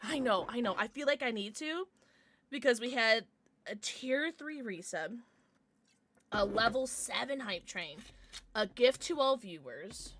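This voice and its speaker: Bubbly, lively young woman livestreamer. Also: on the high side, a little slow, slight background noise. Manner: giggly and rambling, many likes and restarts. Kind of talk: casual livestream chat with viewers.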